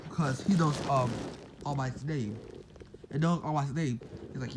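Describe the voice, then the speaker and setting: A man's voice: on the high side, moderate pace, noisy background. A man casually retelling a made-up story, rambling with lots of fillers and self-corrections.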